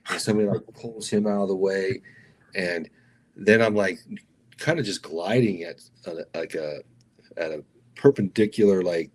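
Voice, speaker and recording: A middle-aged man, a stuntman guest, telling stories casually with animated energy, slipping into raised voices for other people and calling the host "dude". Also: low voice, moderate pace. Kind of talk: casual storytelling interview.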